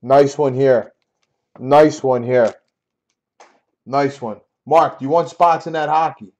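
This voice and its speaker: A man's voice: mid-range voice, fairly even intonation, takes it slowly. Exasperated man hosting a card break. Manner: exasperated, repetitive, loud outbursts. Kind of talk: casual live-stream banter.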